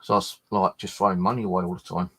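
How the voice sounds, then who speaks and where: A man's voice: low-pitched, little pitch movement, very fast, fairly bright tone. A tired man chatting casually as a ghost hunter, swearing freely and wandering off track with lots of restarts. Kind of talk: rambling casual chat.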